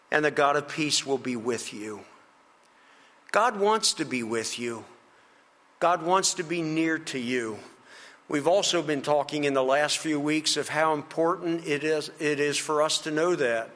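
A pastor delivers a sermon in an earnest, gently encouraging manner, relying on slow, emphatic phrasing. His slightly high voice sounds bright and forceful, and a long reverb fills the space like a church hall.

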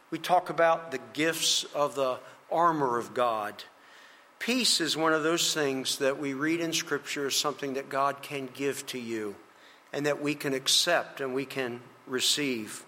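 A man preaches a sermon in an earnest, gently encouraging way, leaning on slow, emphatic phrases. His voice sits a little high and rings bright and forceful. The sound carries a long reverb, like a church hall. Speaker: pastor.

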